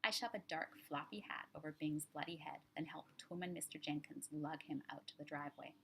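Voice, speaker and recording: A woman author reading her own crime story aloud in measured, low-key narration. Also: vocal fry, a bit bright, slight background noise.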